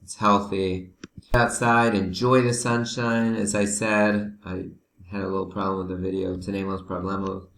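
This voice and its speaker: A man with a low, gravelly voice walks learners through vocabulary at an unhurried pace, switching into Spanish to help them along. He sounds patient. The sound is roomy, with some echo. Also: little pitch movement, fairly bright tone. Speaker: teacher. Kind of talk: remote vocabulary lesson.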